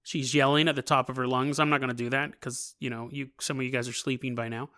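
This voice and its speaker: Bright-voiced man telling a story. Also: mid-range voice, level tone. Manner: chatty, with joking asides and quick laughs. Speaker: podcast host. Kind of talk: casual storytelling narration.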